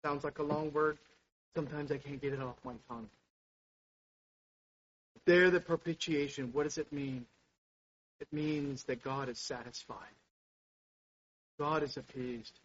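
A man preaching a sermon with passion, dropping to a hush and then rising to loud exclamations. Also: a little high, fairly even intonation, measured pace, long pauses. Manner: impassioned, swings from hushed to loud exclamations. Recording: dull lo-fi sound.

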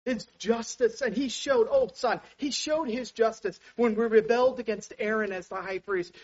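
A man preaching a sermon with passion, dropping to a hush and then rising to loud exclamations. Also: high voice. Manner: impassioned, swings from hushed to loud exclamations. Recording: dull lo-fi sound.

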